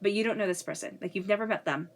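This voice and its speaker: A woman's voice: medium pitch, very fast. Earnest woman with a cold. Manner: earnest, repeats phrases, checks in with "okay?". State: getting a cold. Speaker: tarot reader. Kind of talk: casual spiritual reading.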